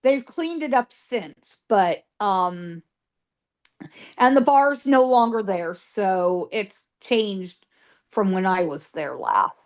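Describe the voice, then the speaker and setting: A woman's voice: medium pitch, lively intonation, slow pace. A woman guest psychic telling ghost stories in an interview, emphatic, piling up repeated words for stress.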